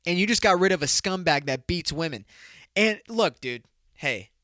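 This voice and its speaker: Podcast host, male, fairly high and bright voice, profane rambling comic storyteller, dry close sound. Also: expressive, moderate pace, no room sound. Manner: profane, rambling storyteller who laughs at his own jokes. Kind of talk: comedic solo podcast monologue.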